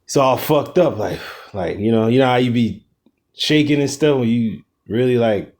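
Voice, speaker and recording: Man leading a casual bible study, mellow dark tone, loose slangy delivery. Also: mid-range voice, normal speed. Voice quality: profane, slangy, animated commentary.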